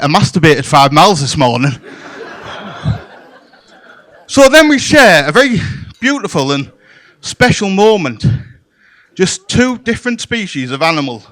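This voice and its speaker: A man performs stand-up on a comedy club stage, bawdy and playful, throwing deadpan asides at the crowd. His voice sits high and swings widely in pitch as he talks.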